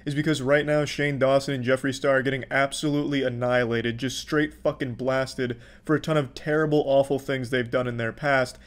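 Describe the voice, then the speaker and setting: In a mid-pitched, steady voice, a male commentary YouTuber talks a little fast and barely pauses. He is sarcastic and exasperated, cursing freely as he ridicules what he has watched.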